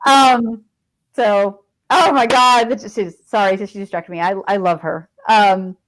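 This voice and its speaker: A middle-aged woman talks as a podcast guest in an easy, conversational way. Her voice sits at an ordinary middle pitch. She tells personal stories freely, drifting into asides and fillers as she goes. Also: steady tone, measured pace, a bit bright, poor audio. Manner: chatty and digressive, with frequent fillers and laughs. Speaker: podcast guest, veteran and author. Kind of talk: casual conversational storytelling.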